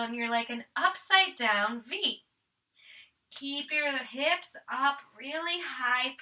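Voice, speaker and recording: A woman teaching a family yoga class. She gently guides each pose step by step and counts the breaths. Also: high-pitched, distant mic, low-quality recording. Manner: calm step-by-step guiding, counting breaths, switching between English and Spanish. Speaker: yoga instructor.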